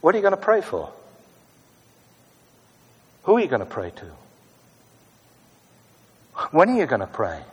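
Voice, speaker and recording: A man preaching a sermon in a conversational way, moving between brisk asides and hushed, prayerful tones. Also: a little high, wildly swooping pitch, breathy edge, long reverb tail, muffled recording.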